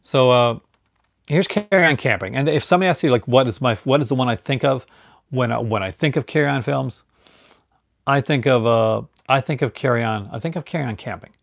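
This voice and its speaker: Man from Newfoundland, casual live-stream chat, gravelly voice, dry close sound, rambling with restarts. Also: medium pitch, brisk, dry recording. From Canada, Newfoundland. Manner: rambling, frequent restarts and fillers.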